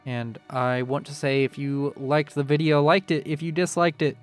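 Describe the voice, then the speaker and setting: A man's voice: a little high, level tone, moderate pace, soft background music. A man casting a strategy game in a rambling, jokey way, talking straight to the players. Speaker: game caster.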